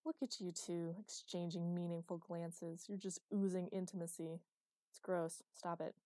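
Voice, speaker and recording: A woman voicing a brash, crude young man who mocks his friends loudly in an audiobook. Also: fairly low pitch, little pitch movement, normal speed, dry recording, natural voice. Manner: loud, mocking and crude.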